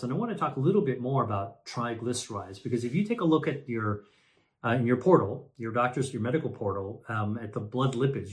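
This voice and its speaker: A man, a physician, explaining health topics to camera in a conversational way, with many fillers and self-corrections, often checking in with "all right" and repeating key points. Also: mid-range voice.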